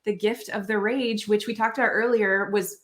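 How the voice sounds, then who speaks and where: A woman's voice: mid-range voice, steady tone, normal speed. A woman podcast host who talks reflectively and affirmingly, thinking aloud as she speaks. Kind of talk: interview conversation.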